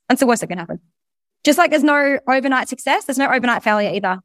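A woman coaching in a presentation, talking at a quick clip in a high voice. She is blunt and energetic and swears freely. The sound is dry and close. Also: dry recording. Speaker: business coach. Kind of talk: recorded presentation.

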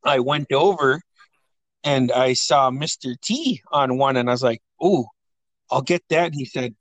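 A man's voice: mid-range voice, normal speed, no room sound. A middle-aged man hosting a podcast, telling stories about his childhood, laughing often, swearing and acting out the voices of the people in them. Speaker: podcast host. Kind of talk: casual family storytelling.

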